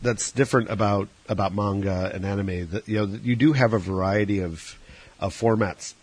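A man's voice: fairly low pitch, fairly even intonation, moderate pace, slightly rough. A man hosting a radio show, joking around in a put-on Irish accent while taking calls. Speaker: radio host. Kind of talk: casual radio chat.

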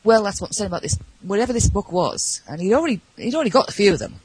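A woman's voice: mid-range voice, sing-song, very fast, darkish tone, slightly rough, no room sound, poor audio. A middle-aged woman calling in over Skype, chatting and joking about herself. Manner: chatty, self-mocking, giggly. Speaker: caller. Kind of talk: casual phone-in chat. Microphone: Skype call.

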